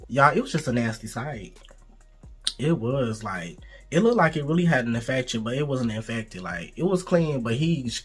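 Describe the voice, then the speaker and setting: Bright-voiced man telling a raunchy storytime. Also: medium pitch. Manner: animated, blunt and profane, addresses viewers as y'all. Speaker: storytime vlogger. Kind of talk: casual storytelling to camera.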